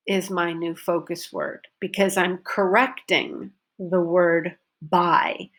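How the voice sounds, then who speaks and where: Woman teacher doing a recorded pronunciation lesson, slow and careful, punches the stressed words. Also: fairly low pitch, animated, a bit bright. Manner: slow, deliberate, models stressed words clearly.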